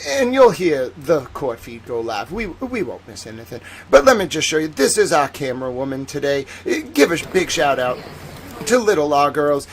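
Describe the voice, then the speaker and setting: A man hosting a livestream commentary, talking in an excitable, rambling way and often repeating himself. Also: fairly high pitch, normal speed, slight background noise. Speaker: host.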